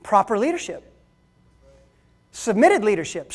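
A man's voice: high voice, sing-song, moderate pace, long pauses. An emphatic male preacher delivering a sermon to his congregation. He hammers his points home in short phrases and calls out to the listeners as folks.

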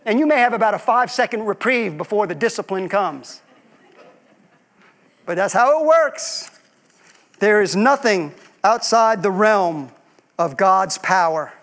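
A man's voice: high-pitched, lively intonation, a little slow, pauses often, fairly bright tone. A man preaching a sermon as pastor, asking his congregation rhetorical questions and acting out quoted voices.

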